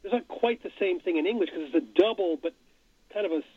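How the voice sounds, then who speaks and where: Brief: husky, slightly high male guest, hesitant, thin phone-like dry sound. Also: fast, no room sound. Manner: hesitant, thinking aloud. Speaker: studio guest. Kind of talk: casual radio chat.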